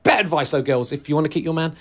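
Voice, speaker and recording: A man doing a stand-up comedy set on stage, deadpan and ironic, sometimes working himself up into mock outrage. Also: a little high, racing. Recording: live audience laughter. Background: audience laughing.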